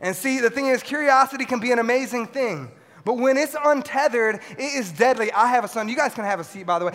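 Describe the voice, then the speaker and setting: A young man preaching a sermon to a youth audience in an animated way, swinging between loud shouts and quiet asides. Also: very high voice, fairly quick, some chatter behind. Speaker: youth pastor. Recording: long hall reverb.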